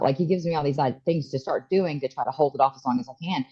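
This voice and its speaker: A woman in her forties tells a hard personal story as a podcast guest, often halting and restarting. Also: sits low, lo-fi sound. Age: 40s. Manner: emotional, halting, many restarts. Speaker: interview guest.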